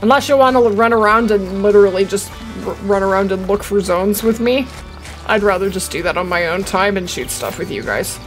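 A young woman live-streaming a hunting game, chatting with her viewers and getting excitable. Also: mid-range voice, brisk, soft background music. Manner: excitable, chatty, talking to chat. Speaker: gaming streamer.

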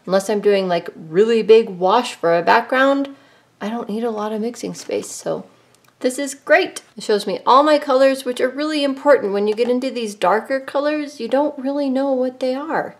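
A woman's voice: fairly high pitch, moderate pace. A middle-aged woman hosting a casual, chatty art tutorial from her home studio. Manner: chatty, upbeat, shows things to camera. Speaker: art channel host. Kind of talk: casual craft tutorial vlog.

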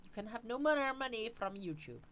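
A woman's voice: fairly high pitch, expressive, moderate pace, fairly bright tone, pitched above the performer's own voice. A woman putting on a menacing voice for a faceless corporation, in a mock-threatening, theatrical way.

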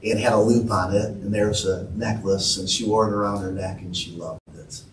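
A man's voice: lowish voice, fairly even intonation, brisk. Male pastor, emphatic sermon delivery, recorded from a distance with faint noise. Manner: earnest, emphatic, calls out to the congregation. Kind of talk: sermon with storytelling. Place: church sanctuary. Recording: echoey church room from a distance.

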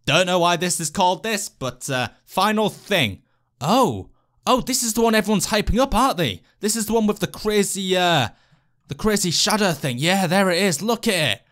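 Excitable man commentating a game. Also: sits high, moderate pace. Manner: excitable, jokey, talks to the game characters. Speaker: let's play host. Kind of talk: gameplay commentary.

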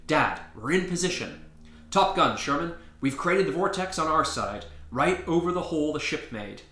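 A man voicing an excited teenage boy hero reporting success. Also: a little high, normal speed, roomy sound, voice pushed up.

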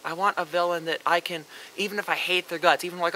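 A man rants in a sarcastic, swearing commentary with a very bright, cutting tone. His voice sits a little high for a man, and he keeps mocking what he criticizes. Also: fast talker, hardly any pauses, slight background noise, low-quality recording. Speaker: vlogger. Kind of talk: ranting commentary.

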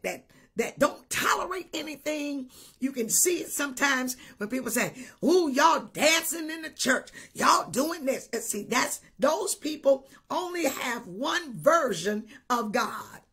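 A woman bishop preaching a sermon, animated, shouting at times and breaking into tongues. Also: high-pitched.

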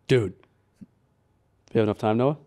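A man tells a story in a casual podcast studio chat, his mellow, relaxed mid-range voice moving at normal speed. When he quotes people, he switches to a raised, lively voice. He sounds like a co-host among friends.

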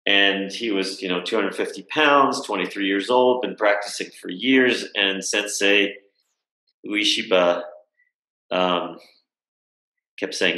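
Man, guest on a video call, reflective storytelling, crisp bright tone, roomy echo. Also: on the low side, fairly even intonation, moderate pace. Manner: thoughtful, with frequent fillers and rhetorical "right?". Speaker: guest speaker.

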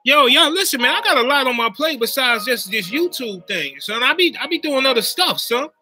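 A YouTuber with a strikingly bright, sharp, very high voice chats casually with his livestream viewers, talking briskly in a slangy, animated way. He keeps checking in with "you know what I mean," and faint music plays underneath.

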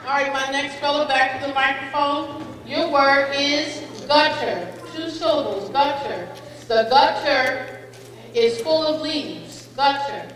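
A woman pronouncing spelling bee words slowly and clearly, with definitions and example sentences, encouraging each speller. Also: high voice. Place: school gym or hall. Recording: echoey hall, far from the mic, faint crowd.

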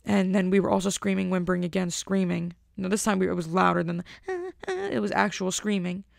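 A woman hosting a podcast, telling a long rambling story in a casual, animated way. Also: fairly low pitch, a little fast, gravelly, no room sound, clean studio sound. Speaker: podcast host.

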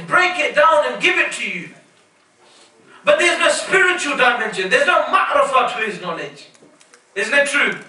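Guy giving a sermon in a big echoey hall, real high sharp voice, heard from far off, keeps asking the crowd questions. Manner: emphatic, asks the audience rhetorical questions. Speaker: preacher.

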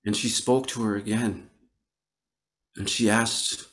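Slow, low-voiced male storyteller. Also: level tone. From Northern Wisconsin. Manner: slow, gentle, with repetitions and pauses. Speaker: Ojibwe storyteller. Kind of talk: oral storytelling. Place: online virtual event.

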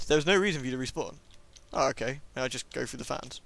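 A man's voice: mid-range voice, lively intonation, fast talker, vocal fry, bright, forceful tone. A man giving sarcastic, playful commentary over gameplay, joking with the characters on screen. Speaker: let's play commentator.

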